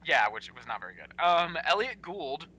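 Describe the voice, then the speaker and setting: A young man chatting on a podcast with a very bright, forceful tone. His pitch leaps around in animated bursts, and he piles up fillers as he explains things. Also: normal speed, breathy edge, muffled recording. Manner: animated, lively, with many fillers and sudden pitch jumps. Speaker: podcast co-host. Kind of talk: casual chat.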